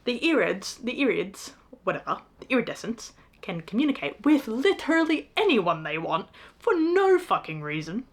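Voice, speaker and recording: Young woman, book review rant, sarcastic, exasperated, swears, laughs, mid pitch. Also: sing-song, moderate pace. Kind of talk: casual ranting book review.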